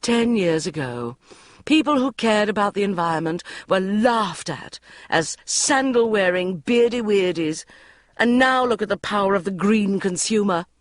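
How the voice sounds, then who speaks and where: A reader voicing an indignant woman friend ranting loudly at a boozy dinner in an audiobook. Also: mid-range voice, sing-song, normal speed, dry recording, studio quality, pitched above the performer's own voice. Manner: loud, furious ranting. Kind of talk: audiobook reading.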